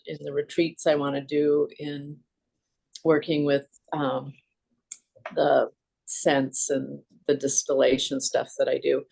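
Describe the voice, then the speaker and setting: A woman's voice: deep voice, gravelly, darkish tone. A woman taking part in a group video call, talking in a reflective, hesitant way. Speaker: course participant.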